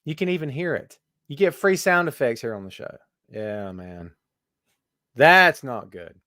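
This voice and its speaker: A man's voice: on the high side, sing-song, normal speed, bright, forceful tone, no room sound, clean studio sound. A man hosting a live wrestling talk stream, chatting casually and teasing while he greets viewers by name.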